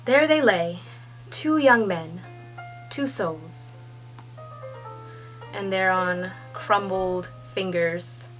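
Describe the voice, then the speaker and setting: A young woman reading a comic aloud and reacting as she goes, excitable and laughing, sometimes hushed and sometimes squealing. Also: medium pitch, extremely slow, pauses often, faint music behind, poor audio. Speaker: manga reaction reader. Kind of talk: casual read-along reaction.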